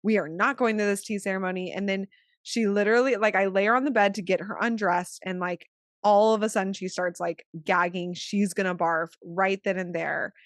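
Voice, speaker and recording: A woman co-hosting a podcast, a new mother telling a story in a casual, chatty way, full of "like" and swinging between hushed and excited. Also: medium pitch, normal speed, no echo, studio quality. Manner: chatty, fills speech with "like"; animated, shifting from hushed to excited. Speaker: podcast co-host.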